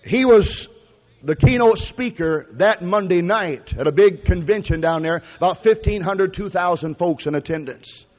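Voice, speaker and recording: High-voiced folksy preacher in a hall. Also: male voice, normal speed, darkish tone. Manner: folksy, conversational storytelling with repeated restarts. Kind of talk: storytelling sermon. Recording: lo-fi recording with long hall reverb.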